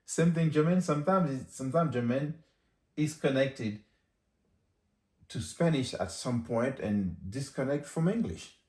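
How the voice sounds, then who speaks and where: Animated man teaching languages. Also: mid-range voice, reverberant. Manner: chatty, repeats phrases slowly for learners. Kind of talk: casual spoken language lesson.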